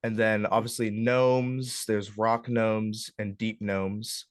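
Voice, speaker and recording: A young man with a fairly low voice talks a classroom group through options in a loose, unhurried manner, filling pauses with ums and uhs. The sound is close and dry, with little room around it. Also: clear, resonant tone, no echo. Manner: relaxed, hesitant, lots of ums and uhs. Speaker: club workshop instructor. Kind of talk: casual classroom walkthrough.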